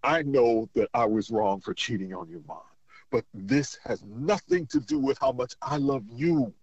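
Husky-voiced father on the line. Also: mid-range voice, animated, darkish tone, dry recording, lo-fi sound. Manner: halting, earnest, with many restarts. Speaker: caller, father. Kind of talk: emotional phone conversation.

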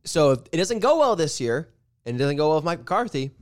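A man's voice: on the high side, big pitch swings, fairly quick. A man co-hosting a sports podcast in casual chat, emphatic and opinionated, often repeating himself as he builds a point. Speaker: podcast co-host.

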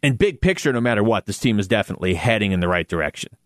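A man's voice: lowish voice, expressive, rapid-fire, no echo, clean studio sound. A man hosting a sports talk show, chatting casually and animatedly about a football team's playoff chances with self-deprecating asides. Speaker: sports radio host.

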